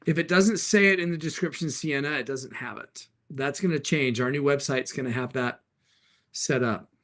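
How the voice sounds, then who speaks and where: A man's voice: medium pitch, fairly bright tone. A middle-aged man hosting a live stream, answering viewer questions in an upbeat, joking way. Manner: upbeat, jokey, quick replies to chat. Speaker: livestream host and car dealer.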